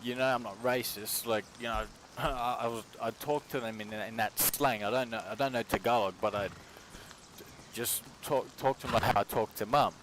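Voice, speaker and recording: A man's voice: medium pitch, fairly even intonation, normal speed. A man from Australia, rambling and swearing in a casual stream chat from his kitchen. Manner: rambling, profane, slangy. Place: home kitchen while cooking. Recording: noisy home stream audio.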